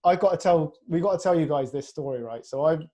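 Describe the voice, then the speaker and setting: Chatty man with a mellow voice. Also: fairly high pitch, fast. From Iraq. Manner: chatty, laughing storyteller. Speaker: podcast host and fitness coach. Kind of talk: casual chat. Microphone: video call.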